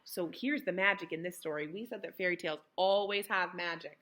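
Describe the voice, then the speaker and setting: A young woman reads a picture book aloud to children in a teacher's manner. She stops now and then to explain words simply, her voice rising and falling with lively expression. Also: mid-range voice.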